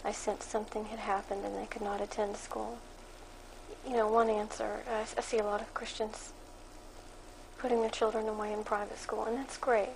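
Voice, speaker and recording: A woman reading her own dream account aloud from her blog in a flat monotone, then adding religious commentary in a firmer voice. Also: mid-range voice, moderate pace, gravelly, a little hiss or hum, rough recording. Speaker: Christian blogger reading her dream journal.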